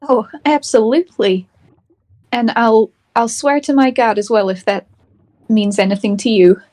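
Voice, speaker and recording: A woman's voice: fairly high pitch, unhurried, a little mellow, close to an everyday voice. A woman voicing a cheerful young male rabbit-folk paladin in a tabletop game, speaking earnestly with frequent stammers. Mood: eager. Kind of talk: character voice in tabletop play.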